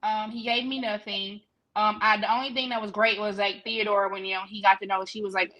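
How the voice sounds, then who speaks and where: A sassy woman co-host tears into soap characters in blunt, profane casual chat. Her voice is bright and forward, at a middle pitch for a woman, and she keeps her delivery loose and conversational. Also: little pitch movement, brisk. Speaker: podcast co-host.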